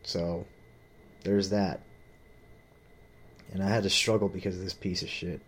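Low-voiced man on a profane rant. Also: level tone, measured pace, slight background noise. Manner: profane, agitated storytelling with frequent fillers. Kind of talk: rambling personal rant.

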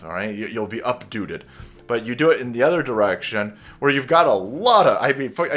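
A man hosting his own vlog, ranting in a profane and sarcastic way. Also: mid-range voice. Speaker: vlogger.

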